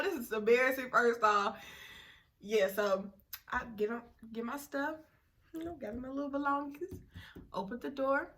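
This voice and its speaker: A young woman telling a story in casual chat, blunt and slangy with quick asides. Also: fairly high pitch, pushed and bright.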